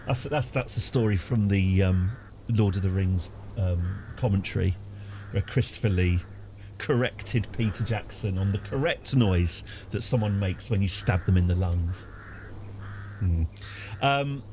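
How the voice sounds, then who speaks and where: A man's voice: fairly low pitch, very animated, measured pace, darkish tone, a little hiss or hum. A man chatting casually on a game stream, rambling through jokey stories with lots of fillers. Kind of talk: casual live-stream chat while gaming.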